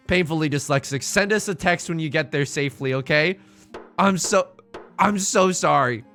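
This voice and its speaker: A young man streaming a game live, excitable and joking as he reads the game text aloud to his chat. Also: a little high, normal speed, faint music behind.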